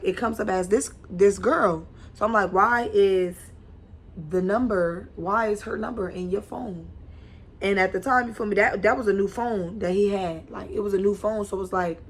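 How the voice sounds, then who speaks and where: Young woman vlogger, casual animated storytelling, slangy. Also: mid-range voice. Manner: animated, slangy, repeats and restarts often.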